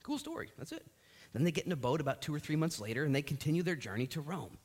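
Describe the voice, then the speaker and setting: A man preaching a sermon as pastor of a church, telling the story with lively acted-out voices. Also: on the high side, fast, husky.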